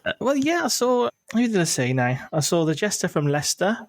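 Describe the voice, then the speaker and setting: A man's voice: high-pitched, a little fast, dry recording. A man co-hosting a comedy podcast in casual chat, telling stories in a rambling, jokey way. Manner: rambling, jokey, animated storytelling. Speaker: podcast co-host.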